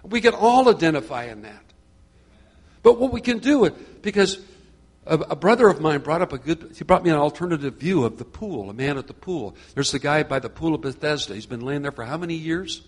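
A man's voice: on the high side, animated, fairly quick. A middle-aged man leading a church small group, talking conversationally and growing fervent and preachy, often repeating phrases. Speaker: group leader.

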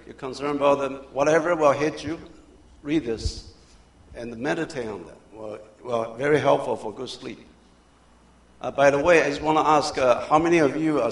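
A man preaching a sermon as a pastor, in non-native English grammar, moving from quiet prayer to loud emphatic bursts. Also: medium pitch. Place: church sanctuary. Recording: echoey church room.

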